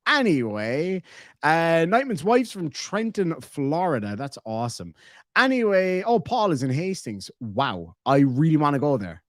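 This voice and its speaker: A man's voice: fairly high pitch, sing-song, a little slow, no echo, studio quality. An Irish man in his thirties hosting a live stream, joking and reading out viewer comments in casual chat. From Ireland. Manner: jokey, reads viewer comments aloud.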